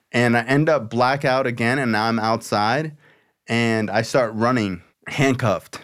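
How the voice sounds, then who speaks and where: A man's voice: medium pitch, steady tone, normal speed, fairly bright tone, smooth. A man hosting a podcast, telling a story in a loose, casual way, swearing and saying "like" a lot. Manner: loose, expletive-laced storytelling full of "like". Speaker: podcast host.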